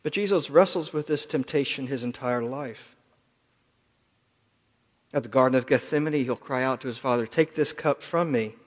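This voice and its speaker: A male preacher giving a reflective, earnest sermon at a mid-range pitch. He often drops into quieter asides. His voice carries a long reverb, as in a church sanctuary. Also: normal speed, pauses often.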